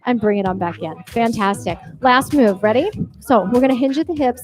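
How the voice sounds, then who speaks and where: A woman's voice: a little high, brisk, low-quality recording. A woman fitness instructor leading a barre class, counting reps and giving encouraging cues with cheerful whoops. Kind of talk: cueing a workout class. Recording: music playing behind. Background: workout music.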